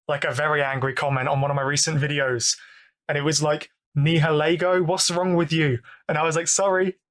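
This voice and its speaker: A man's voice: a little high, fairly bright tone. A young British man guesting on a podcast, easygoing and self-deprecating, laughing along in casual chat. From England.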